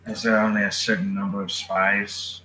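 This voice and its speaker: A man's voice: lowish voice, level tone, moderate pace, background noise. A man playing in a tabletop game, asking questions hesitantly. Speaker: player. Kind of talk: casual game chat.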